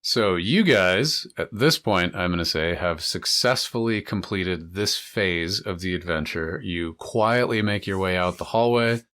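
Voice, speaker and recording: Laid-back low-voiced game master. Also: male voice, unhurried, few pauses, fairly bright tone. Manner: laid-back, rambling with fillers. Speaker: dungeon master. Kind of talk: narrating a tabletop game.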